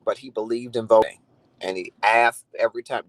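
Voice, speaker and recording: A man hosting a livestream chats casually with viewers, sounding earnest and reflective as he calls out commenters by name. His voice is lowish and steady, his delivery brisk, and the recording is dry and rough.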